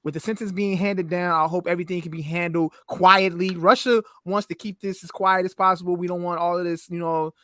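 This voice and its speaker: A man's voice: sits high, fairly even intonation, fairly quick, hardly any pauses, fairly bright tone, no echo, studio quality. A man co-hosting a casual podcast, blunt and slangy, making emphatic points. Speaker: podcast co-host.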